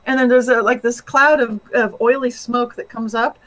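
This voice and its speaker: A woman with a fairly high voice tells a story in an animated way, laughing along as she talks. She is a guest author chatting casually on a show. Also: moderate pace, low-quality recording. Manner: animated, laughs often while telling a story.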